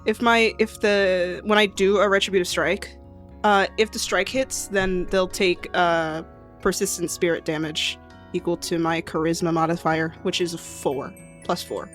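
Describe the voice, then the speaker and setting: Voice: medium pitch, steady tone, normal speed, a bit bright, soft background music. A tabletop game player casually explaining rules and a character, with frequent hesitations and fillers.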